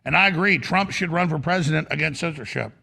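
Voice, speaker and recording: Male guest, very gravelly and tense voice, preachy delivery. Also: a little high, fast talker, pushed and bright. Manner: emphatic, declamatory. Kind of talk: political talk.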